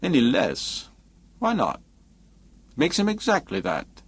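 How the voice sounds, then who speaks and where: A man's voice: a little high, wildly swooping pitch, takes it slowly, creaky, slightly rough, voice pushed up, full character voice. A man voicing a blunt, sardonic male painter with a cutting, dismissive way of talking, in an audiobook. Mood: scornful. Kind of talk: audiobook character reading.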